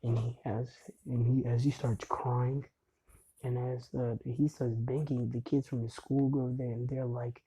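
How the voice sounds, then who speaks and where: A man's voice: medium pitch, level tone, unhurried, dark tone, a little hiss or hum, low-quality recording. A young man casually retelling a fan story in a rambling way, full of fillers and "he's like".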